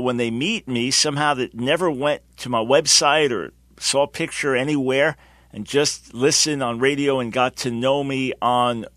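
A man's voice: mid-range voice, a bit bright, dry recording. A man in his sixties hosting Christian talk radio, speaking in an earnest, emphatic, preacherly way. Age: 60s. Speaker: radio host.

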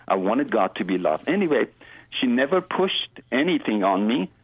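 Husky man on a phone line. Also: medium pitch, dry recording. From Iran. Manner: earnest, halting non-native phrasing. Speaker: guest. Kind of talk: personal faith testimony in an interview.

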